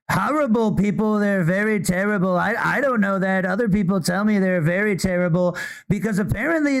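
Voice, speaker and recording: A man's voice: sits high, vocal fry. A man doing a comic impression of a bombastic older politician who boasts, rambles and keeps calling the audience "folks". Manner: repetitive rally-style boasting, addresses "folks".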